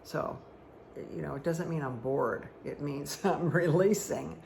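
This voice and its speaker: Slight background noise accompanies a woman reading tarot and angel cards for her viewers as their spiritual guide. Her low-pitched voice is creaky and a little mellow, at a measured pace. She's chatty and rambling, regularly checking in with "okay?"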